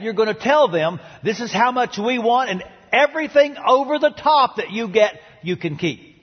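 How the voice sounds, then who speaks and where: A man preaching a sermon in a dramatic style, with big swings in pitch and loudness, recorded in a large church auditorium. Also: slightly rough. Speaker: pastor. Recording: dull sound in a large reverberant hall.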